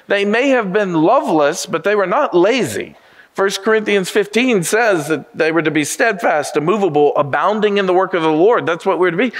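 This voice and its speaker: A male pastor delivers a sermon in a somewhat high voice. He leans into key words, slowing down and lifting his pitch to press each point home. His delivery is earnest and emphatic. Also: lively intonation, a bit bright. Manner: preaching with emphatic rises and slowed stresses.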